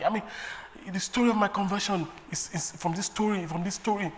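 A man from Nigeria preaching a sermon in a lively way, laughing often and breaking into sung refrains. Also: high-pitched, normal speed.

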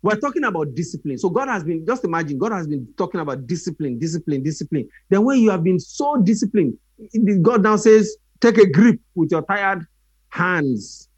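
A man's voice: sits high, normal speed, breathy edge, no echo. A man preaching a sermon, telling stories animatedly and acting out voices. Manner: animated storytelling with acted voices.

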